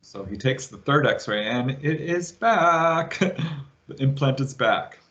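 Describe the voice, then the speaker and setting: A man guest on an interview show, retelling a witness's story with lively quoted voices. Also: medium pitch, takes it slowly, dull audio. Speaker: guest, UFO researcher.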